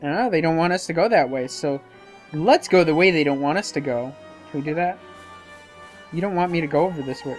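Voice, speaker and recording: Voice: mid-range voice, animated, fairly quick, soft background music. Rambling let's-play commentator. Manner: rambling, self-talking, hesitant fillers. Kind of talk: casual gameplay commentary.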